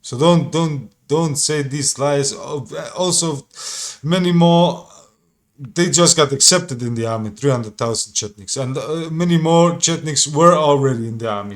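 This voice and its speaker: A man's voice: a little high, unhurried. A man giving casual reaction commentary in an insistent, repetitive way, sometimes swearing. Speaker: reaction streamer.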